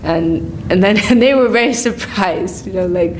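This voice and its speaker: A woman telling a devotional story in a morning class, unhurried, with frequent restarts and soft laughs. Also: medium pitch, slight background noise. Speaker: class speaker.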